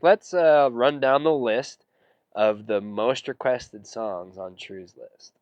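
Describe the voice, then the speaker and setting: A man's voice: lowish voice, no room sound, lo-fi sound. A man chatting casually with his stream audience between song requests, with a laid-back, sarcastic and slangy way of talking. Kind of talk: casual livestream chat.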